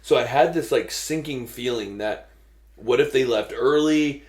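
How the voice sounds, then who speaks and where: A man's voice: medium pitch, unhurried, a little mellow. A man co-hosting a podcast, telling a travel story in a laid-back, teasing way. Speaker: podcast co-host. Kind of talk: casual storytelling chat. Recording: roomy echo.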